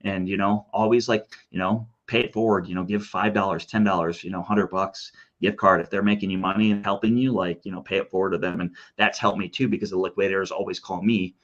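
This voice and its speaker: A man with a lowish voice speeds through a rambling, animated story, quoting other people as he goes. His audio comes through dull and lo-fi, as if over a remote call. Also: fast, hardly any pauses. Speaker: guest. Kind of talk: casual interview talk.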